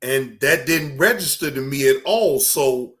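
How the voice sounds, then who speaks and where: Slow-talking emphatic male host. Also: medium pitch, expressive, fairly bright tone. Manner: earnest, emphatic, addresses viewers. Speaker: reaction show host. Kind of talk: casual commentary.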